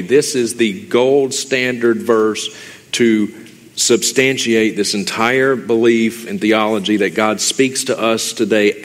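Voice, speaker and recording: Man, Bible teacher, lower voice, emphatic and chatty delivery, long room reverb. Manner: emphatic, conversational, addresses listeners as "dear ones". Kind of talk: expository sermon.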